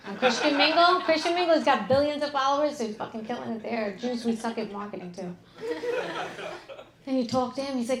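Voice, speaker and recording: A middle-aged woman with a fairly high voice working a live comedy crowd. She is brash and profane, tossing off deadpan asides between punchlines, and her voice rings around an echoey venue. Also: fairly quick. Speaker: stand-up comedian. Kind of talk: live stand-up comedy set. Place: club stage with an audience. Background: audience laughter.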